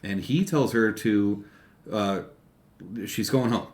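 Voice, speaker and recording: A man with a fairly low voice co-hosts a casual movie podcast. He walks through the plot in steady steps and fills gaps with "uh". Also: slow pace. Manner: steady plot summarizing with fillers. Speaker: podcast co-host. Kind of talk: casual movie review chat.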